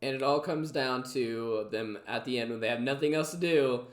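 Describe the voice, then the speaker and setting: A man's voice: medium pitch, normal speed, roomy sound. A man casually reacting to clips, chatty and full of fillers. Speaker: reaction video host.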